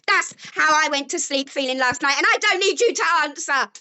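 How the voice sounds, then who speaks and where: A woman's voice: sits high, expressive, a little fast, pushed and bright, dull audio. A woman arguing angrily at home, accusatory and sarcastic. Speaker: vlogger. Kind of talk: heated domestic argument.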